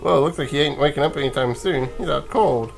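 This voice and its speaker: A man's voice: fairly high pitch, fast, gravelly. Sleepy guy rambling over a game, yawning, chuckles a lot, faint game music behind. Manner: rambling, chuckling, restarts mid-sentence. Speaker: let's play gamer. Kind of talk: casual gameplay commentary.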